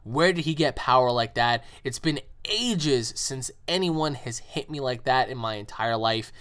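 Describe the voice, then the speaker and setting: A man voicing an arrogant, vengeful male villain warrior, reading the boasts in a flat, casual way. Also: mid-range voice, measured pace, clean tone. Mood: boastful.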